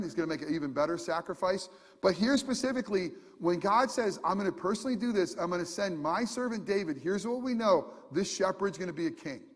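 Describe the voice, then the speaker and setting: A man's voice: sits high, long reverb tail. A man preaching a sermon, earnest and emphatic, talking conversationally with fillers and restarts. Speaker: pastor.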